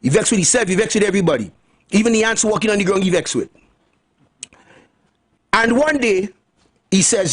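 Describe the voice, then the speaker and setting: A middle-aged man with a lilt holds forth on the radio, his voice high and husky. He swings widely up and down as he preaches, hammering points home by saying them twice and dropping folksy asides. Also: animated, brisk, long pauses. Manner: emphatic, repeats lines for stress, folksy asides. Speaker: radio talk host. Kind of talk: preachy radio monologue on health.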